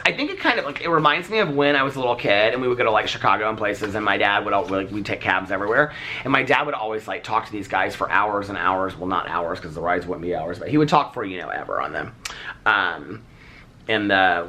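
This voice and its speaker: A man's voice: on the low side, fairly quick, slight background noise. Chatty man telling a story. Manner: chatty, animated, acts out dialogue in quotes. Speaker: vlogger. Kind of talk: casual storytelling vlog.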